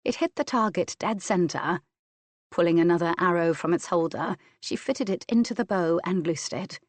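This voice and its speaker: A woman narrating a historical romance audiobook in an even, measured way. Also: lowish voice, dry recording. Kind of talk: scripted narration.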